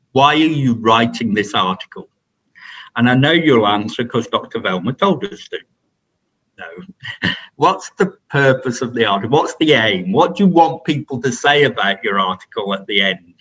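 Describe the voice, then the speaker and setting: A man's voice: medium pitch, fairly bright tone, lo-fi sound. A man giving an unscripted training talk to colleagues, rambling with many restarts and fillers. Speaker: presenter at staff training.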